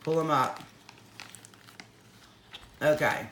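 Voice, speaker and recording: A woman co-hosting an online sale, telling animated stories with a lot of laughter. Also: low voice, extremely slow, slight background noise. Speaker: co-host selling magical items. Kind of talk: casual storytelling chat. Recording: echoey room.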